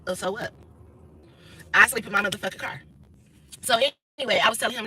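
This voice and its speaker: A woman's voice: medium pitch, fast talker, long pauses, bright, forceful tone, slightly rough, rough recording. A woman, talking bluntly and profanely through a casual livestream monologue. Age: 30s. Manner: blunt, profane, emphatic storytelling. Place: inside a car.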